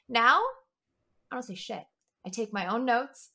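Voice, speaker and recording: Blunt, bright-voiced woman swearing casually. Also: fairly high pitch, moderate pace. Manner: blunt, swears freely, animated. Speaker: new manager. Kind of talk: casual chat.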